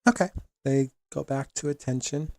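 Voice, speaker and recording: A man narrating a tabletop role-playing game as game master, relaxed and with many fillers. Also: fairly high pitch, moderate pace, gravelly, no room sound.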